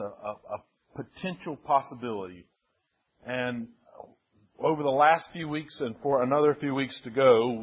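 An older man with a slightly husky voice preaches a sermon, telling a story with gentle self-deprecating asides and small restarts. His pitch sits in an ordinary middle range. The recording sounds dull and lo-fi. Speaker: pastor.

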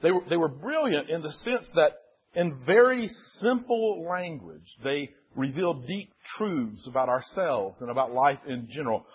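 An older male pastor giving a sermon in a measured, self-deprecating storytelling manner. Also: on the high side, animated, husky. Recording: dull lo-fi sermon recording.

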